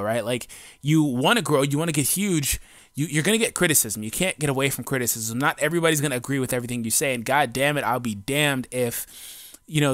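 A man's voice: mid-range voice, fairly bright tone, dry recording. Blunt, defiant man ranting on a dry mic. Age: adult. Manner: blunt and defiant, slangy with frequent profanity; loose rambling talk with many fillers. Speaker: gaming YouTuber. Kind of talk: casual unscripted rant to camera. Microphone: home recording mic.

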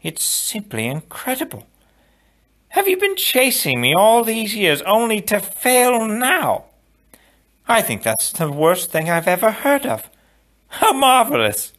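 A man's voice: high-pitched, huge pitch swings, slow pace, fairly bright tone, voice pushed up, full character voice. A man voicing a cruel, gloating middle-aged count in a storybook reading, mocking and sneering.

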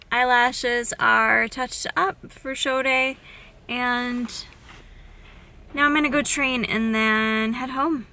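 Bright, chatty young woman vlogging. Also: a little high. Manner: chatty, upbeat, says "like" often. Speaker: fitness vlogger. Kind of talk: casual vlog chat. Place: out and about: car, gym, home.

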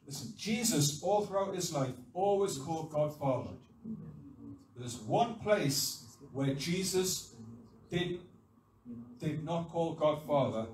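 A man preaching a sermon, emphatic and insistent, repeating his phrases with rising force. His voice sits fairly high and is picked up from a distance, so it rings around an echoey church hall. Steady room noise sits under the recording. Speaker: pastor. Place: church service.

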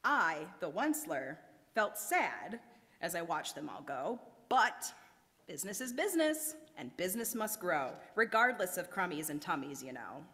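A woman reading a rhyming storybook aloud at a worship service, telling it in an expressive, theatrical way. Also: lowish voice, normal speed, big-room sound. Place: church sanctuary.

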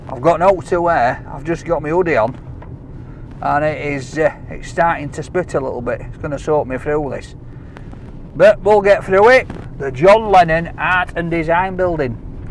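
A man hosting a casual food vlog, chatting excitably while walking outdoors through city streets. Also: fairly high pitch, a little hiss or hum. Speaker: food vlogger host.

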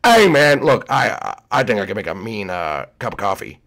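An easygoing police officer who stumbles over his words, as a man puts him on. His voice sits low and gravelly in a game roleplay. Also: very animated, normal speed, fairly bright tone, heavily acted. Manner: easygoing, hesitant. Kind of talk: Minecraft roleplay.

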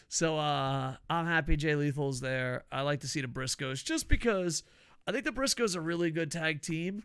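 A middle-aged man, talking casually about wrestling. He has a gravelly, bright, slightly high voice and tells rambling, profane stories. The sound is dry and close. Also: expressive, moderate pace, no echo. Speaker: podcast host. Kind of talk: casual wrestling review chat.

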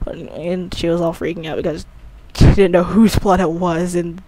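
Rambling creator with a gravelly fry. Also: mid-range voice, level tone, normal speed, warm tone, no room sound. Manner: rambling, often restarts and corrects itself. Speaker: creator of an audio drama series giving commentary. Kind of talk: casual rambling commentary.

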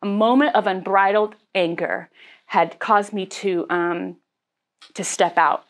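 A woman's voice: mid-range voice, steady tone, takes it slowly. A woman pastor giving a sermon in a candid, conversational way, with frequent fillers and laughs.

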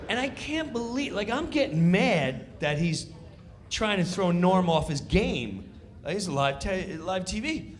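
A man telling a comic story on stage in an animated, excitable way. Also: high voice, measured pace. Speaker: comedian. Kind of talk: stand-up storytelling.

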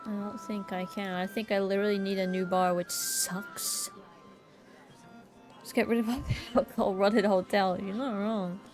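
A woman's voice: mid-range voice, fairly even intonation, normal speed, a little mellow, faint music behind. A woman streaming a game, chatting casually to herself in a playful, jokingly bossy way. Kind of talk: casual gameplay commentary.

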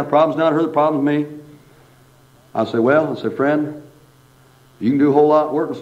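A man preaches in a folksy, animated way, leaning on asides and repetition. His voice sits fairly high for a man. The recording is dull and lo-fi. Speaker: pastor. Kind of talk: sermon.

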